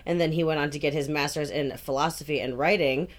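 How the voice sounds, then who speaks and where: Low-voiced young woman, relaxed podcaster. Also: fast. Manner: relaxed, filler-heavy storytelling, lots of "like" and "um". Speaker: podcast co-host. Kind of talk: casual chat.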